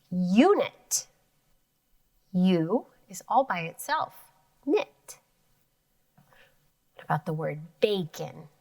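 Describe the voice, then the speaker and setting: A woman teaching an elementary phonics lesson, sounding out words syllable by syllable. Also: mid-range voice.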